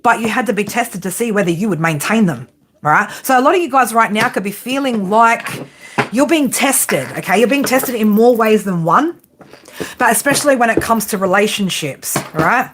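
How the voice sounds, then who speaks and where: A woman's voice: fairly high pitch, animated, normal speed, background noise. An Australian woman giving a casual tarot reading to her viewers, blunt, teasing and heavily profane. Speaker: tarot reader.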